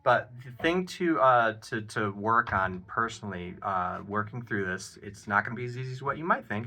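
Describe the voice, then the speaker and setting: A man giving a casual drum lesson, counting beats aloud and explaining an exercise in a relaxed, encouraging way with plenty of ums and uhs. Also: lowish voice, moderate pace. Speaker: drum teacher. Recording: loud drum playing behind the voice. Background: drum kit playing.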